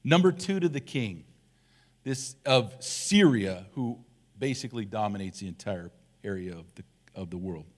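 Animated joking church elder. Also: male voice, mid-range voice. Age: middle-aged. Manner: humorous, animated, self-deprecating asides. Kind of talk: casual storytelling sermon.

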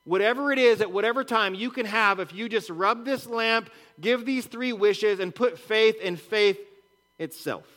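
A man's voice: high voice, moderate pace, fairly bright tone. A man preaching a sermon in a conversational way, with rhetorical questions and repeated words. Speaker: pastor.

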